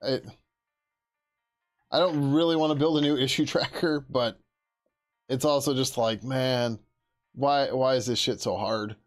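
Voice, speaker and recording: A man hosting a casual developer livestream, rambling along in a relaxed way with easy profanity and frequent laughter. His voice sits at an ordinary pitch, and soft music plays faintly behind him. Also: unhurried, long pauses. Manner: laid-back, rambling, swears freely, laughs often. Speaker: livestream host and software developer.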